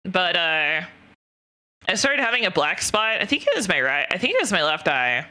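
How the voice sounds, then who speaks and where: A woman's voice: on the low side, sing-song, normal speed, bright, forceful tone. A young woman streamer telling a personal story in casual chat, rambling with lots of fillers and frequent swearing.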